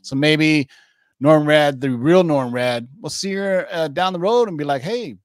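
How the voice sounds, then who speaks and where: A man's voice: a little high, normal speed, no echo, clean studio sound. A man co-hosting a comic-book podcast, talking in a loose, rambling way full of fillers and restarts. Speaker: podcast co-host. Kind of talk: casual chat.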